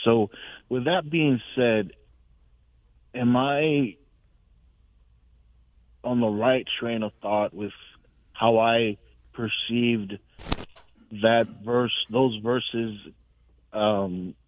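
A male caller sharing a personal testimony in a rambling, halting, emotional way over the phone. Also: medium pitch, fairly even intonation, no echo. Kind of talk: call-in testimony. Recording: tinny phone line.

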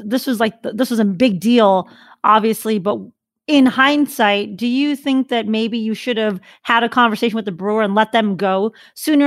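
A woman's voice: a little high, dry recording, studio quality. A woman hosting an interview who asks long, thoughtful questions. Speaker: interview host.

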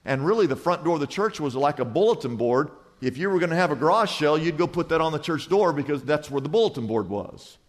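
Male pastor, high voice, animated sermon delivery in a church hall with a long echo. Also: fast. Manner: animated storytelling, acts out characters in a joke. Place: church hall before a congregation.

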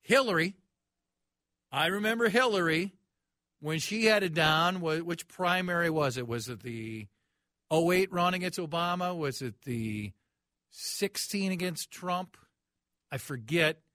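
A man's voice: a little high, animated, a little slow, long pauses, pushed and bright, dry recording, clean studio sound. A man hosting a sports talk radio show, ranting in a mocking, incredulous way.

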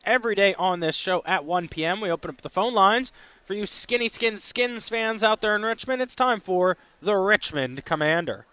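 A man's voice: high voice, steady tone, a little fast, pushed and bright, slight background noise. A man hosting a live sports radio show, upbeat and chatty, reading out phone numbers between talk. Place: radio row at a sports event.

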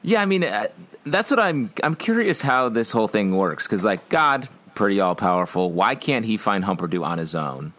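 A man co-hosting a casual podcast, cracking absurd jokes in a deadpan way. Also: on the low side, moderate pace. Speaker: podcast co-host. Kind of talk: casual chat.

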